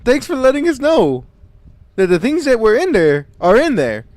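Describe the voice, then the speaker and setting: A man with a notably high voice delivers scornful, profane running commentary, sneering at everything he hears. His sarcasm is relentless and cutting. The sound is close and completely dry. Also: wildly swooping pitch, moderate pace, darkish tone, dry recording. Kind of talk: mocking commentary over a stream.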